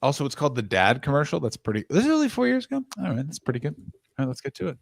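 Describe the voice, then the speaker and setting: Lively teasing man on a dry mic. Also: on the high side, very fast, gravelly, no echo. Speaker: podcast host. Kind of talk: casual comedy podcast chat.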